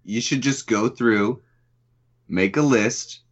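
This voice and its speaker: A man's voice: mid-range voice, slow pace. Playful man co-hosting on a dull lo-fi mic. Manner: playful, reads trivia with fillers. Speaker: podcast co-host. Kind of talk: casual podcast chat.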